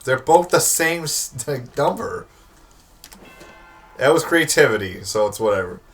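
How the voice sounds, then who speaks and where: A man's voice: medium pitch, animated, a little slow, fairly bright tone, soft background music. Brief: a young male host reading game text in a middle register, playful and dry. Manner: playful, reads with dry asides. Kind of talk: reading game text aloud in a let's play.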